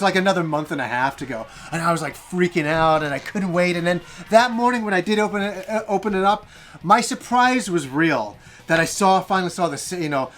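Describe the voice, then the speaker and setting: High-voiced, excitable gaming host man. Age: 40s. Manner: enthusiastic, rambling with restarts. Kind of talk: nostalgic personal storytelling.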